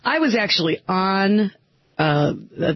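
High-voiced wry radio co-host. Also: male voice, sing-song, unhurried. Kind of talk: casual talk radio banter. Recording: slightly dull broadcast sound.

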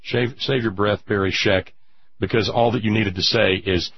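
Husky, low-pitched male commentator, indignant monologue, dry and dull lo-fi sound. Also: steady tone. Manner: indignant, drawn-out emphatic pauses. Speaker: radio commentator. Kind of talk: impassioned political monologue.

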